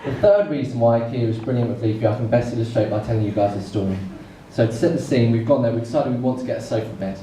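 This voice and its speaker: A man doing a stand-up comedy set on a club stage, telling a story with comic pauses. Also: mid-range voice, warm tone. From England. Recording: echoey room, mic far off, noisy.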